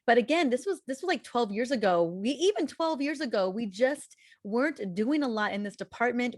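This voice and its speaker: A woman in her forties, a health practitioner guest, telling her story candidly with lively restarts. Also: mid-range voice, no room sound. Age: 40s. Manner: candid and animated, often restarts with repeated words. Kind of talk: conversational interview storytelling.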